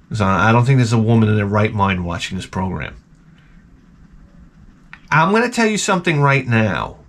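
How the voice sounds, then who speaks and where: A man's voice: medium pitch, a bit bright, husky. A man hosting his channel, rambling casually and comically, with frequent profanity. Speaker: channel host.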